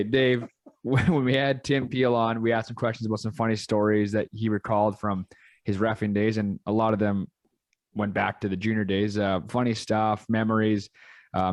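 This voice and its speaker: A man with a fairly low voice hosts a casual podcast, asking questions and reading ads with a jokey, upbeat manner. The recording is dry and close. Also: little pitch movement, moderate pace, dry recording. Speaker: podcast host. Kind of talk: casual interview and ad read.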